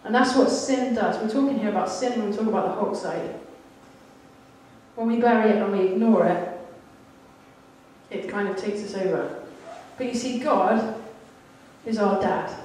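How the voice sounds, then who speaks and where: A woman's voice: medium pitch, unhurried, pauses often, a little mellow, a little hiss or hum. A woman giving a sermon, telling a candid, self-deprecating story about her childhood. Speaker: church speaker. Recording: echoey hall, mic at a distance.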